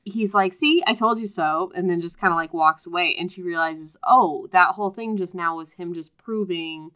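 A woman's voice: on the low side, steady tone, normal speed, fairly bright tone, clear, resonant tone. A woman in casual conversation, chiming in with plot details and agreement while discussing a novel. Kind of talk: casual book chat.

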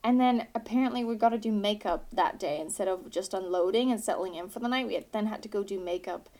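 A woman's voice: mid-range voice, fast talker. A British woman co-hosting a podcast, telling rambling stories in casual chat and swearing freely. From Britain. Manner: animated, swearing storyteller. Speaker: podcast co-host.

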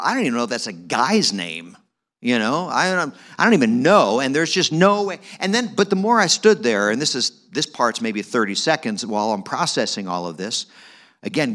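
A man preaching at a church event, telling a personal story in a chatty, animated way with many fillers and asides. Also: mid-range voice. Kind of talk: sermon storytelling.

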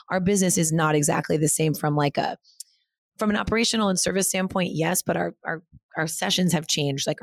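Blunt, foul-mouthed woman with a low voice. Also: no room sound, clean studio sound. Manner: frank, profane, heavy with filler words. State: mother of two. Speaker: co-founder of an indoor cycling studio. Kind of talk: casual interview chat.

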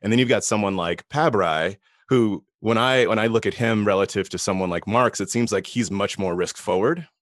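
Deep-voiced man hosting a podcast, dry sound. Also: moderate pace, few pauses, no echo. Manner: long, winding questions with fillers. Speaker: podcast host. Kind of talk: podcast interview.

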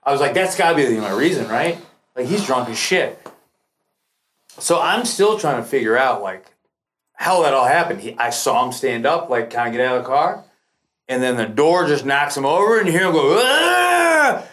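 A mid-pitched man tells a long story on a podcast. He swears a lot and acts out quoted lines as he goes. His delivery is loose and animated. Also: fairly quick. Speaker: podcast guest. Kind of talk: casual storytelling.

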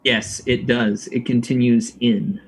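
Slow husky game master. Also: male voice, mid-range voice, level tone, low-quality recording. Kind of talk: narrating a tabletop game.

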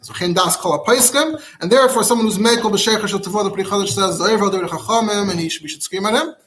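A man teaching a rabbinic law class, reading Hebrew sources aloud and explaining them in quick, animated English. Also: high-pitched. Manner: fast and animated, mixing English with Hebrew text. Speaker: rabbi giving a Talmud class. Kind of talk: Torah class lecture.

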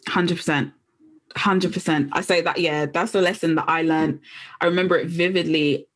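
A woman hosting a podcast, chatting casually with a guest and telling her own story in a lively way. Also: fairly low pitch, moderate pace. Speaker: podcast host. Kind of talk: casual chat.

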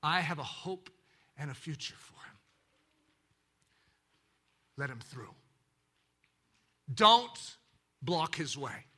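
A loving shepherd king with a soft, hushed voice that sits fairly high and bright, as a preacher puts him on. He speaks slowly and tenderly, near a whisper, and keeps a gentle authority. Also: sing-song, heavily acted.

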